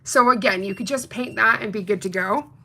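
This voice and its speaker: A woman's voice: medium pitch, brisk, creaky, pushed and bright. A young adult woman reviewing nail polish in a casual unboxing chat, bubbly and chatty, talking straight to her viewers.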